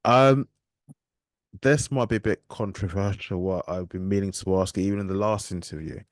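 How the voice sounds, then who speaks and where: Podcast host guy, low voice, dry close sound, kinda hesitant with lots of ums. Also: moderate pace, no room sound. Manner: hesitant, many ums and restarts, polite. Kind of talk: casual podcast interview.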